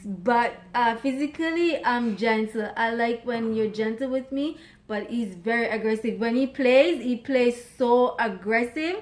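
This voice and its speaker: A wife co-hosting with her husband chats playfully and freely about their marriage, laughing often and calling herself a loud mouth. Her voice is fairly high and unhurried.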